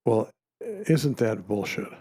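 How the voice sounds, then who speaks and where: A man's voice: medium pitch, very animated, slow, mellow, slightly rough. A man co-hosting a casual podcast, chatty and full of wry interjections. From Canada. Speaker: podcast co-host.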